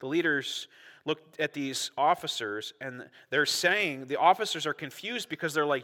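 Earnest pastor with bright, high voice. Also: male voice, lively intonation, moderate pace, long reverb tail. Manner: earnest, conversational, frequent restarts and repetitions. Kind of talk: sermon.

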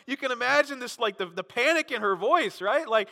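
A man preaching a sermon as pastor, talking conversationally, often adding "right?", and dramatizing quotes with sudden swings in loudness. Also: very high-pitched, animated, a little fast, vocal fry, few pauses. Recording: long reverb of a large hall.

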